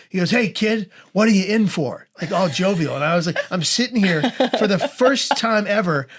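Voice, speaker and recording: A man in his forties with a slightly raised pitch, speaking as an interview guest. He tells his story in a lively, humorous way, laughs often, and acts out the voices of the people in it. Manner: animated, humorous storyteller who laughs through his anecdotes.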